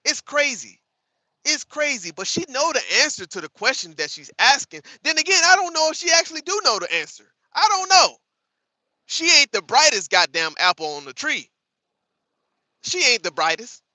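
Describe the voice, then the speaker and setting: A man's voice: very high-pitched, sing-song, moderate pace, pushed and bright, no room sound, rough recording. A man hosting a livestream, reacting to clips and taunting his chat in a profane, combative way with lots of repetition. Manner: repeats lines for emphasis. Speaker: livestream host. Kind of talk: live reaction commentary to chat.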